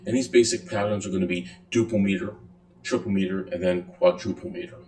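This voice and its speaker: A man giving a relaxed music lecture, counting and singing beats aloud between many fillers. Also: low voice, fairly quick. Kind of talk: recorded lecture. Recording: echoey room.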